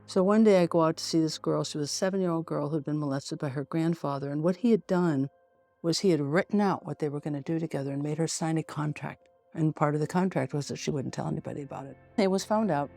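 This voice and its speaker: A woman in her sixties tells a story as a podcast guest, slipping into the voices of the people she describes. Her voice is gravelly and mellow. Soft music sits faintly behind her. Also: low voice, fast talker. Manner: vivid anecdotal storytelling, acting out quotes. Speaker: forensic pediatrician guest.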